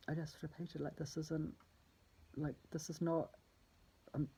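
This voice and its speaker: A woman's voice: low voice, steady tone, a little slow, pauses often, dark tone, rough recording. A distraught woman talking through a personal spoken diary, rambling and swearing, often dropping into a whisper. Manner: drops to a husky whisper.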